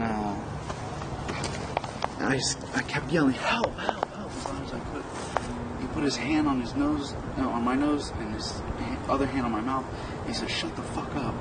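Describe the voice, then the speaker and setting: A man giving a halting, self-correcting statement about an incident, recorded outdoors near a street. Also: mid-range voice. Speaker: witness giving a police statement. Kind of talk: recounting events at a scene. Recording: loud outdoor traffic noise. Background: street traffic and outdoor ambience.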